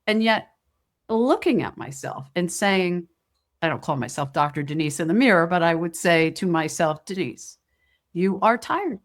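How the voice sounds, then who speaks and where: A middle-aged woman hosting a podcast, talking straight to the listener in a gentle, coaching way. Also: fairly low pitch, lively intonation, moderate pace. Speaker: podcast host. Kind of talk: reflective podcast monologue.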